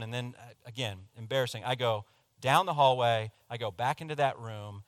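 A man preaching, telling a personal story in a confessional, animated way that swings from hushed to loud. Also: medium pitch, a little fast, dry recording. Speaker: pastor. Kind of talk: sermon storytelling.

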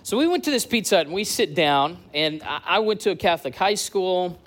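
A man's voice: high voice, a little fast. A man in his late thirties, a church community director from the US East Coast, telling stories and bantering with a church crowd. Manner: lively storytelling with crowd banter.

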